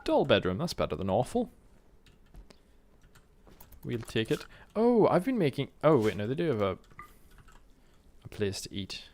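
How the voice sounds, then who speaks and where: A man's voice: mid-range voice, very animated, measured pace, pauses often, darkish tone, a little hiss or hum. A British man chatting casually with his live-stream viewers while playing a game, rambling and joking and humming to himself between remarks. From Britain.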